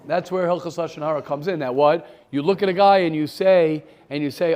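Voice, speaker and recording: A man's voice: a little high, brisk, a little mellow. A man giving an informal Torah class in a conversational way, often repeating phrases and taking questions from students.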